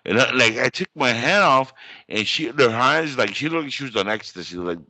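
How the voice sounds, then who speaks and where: A man hosting a podcast in casual chat, telling a story with lively energy and acting out other people in a high voice. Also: normal speed, no room sound. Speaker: podcast host.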